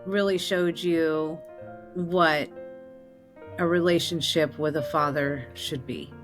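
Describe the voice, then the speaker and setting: A woman's voice: deep voice, steady tone, slow pace, soft background music. Woman podcast host, affirming tone. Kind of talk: podcast interview and sign-off.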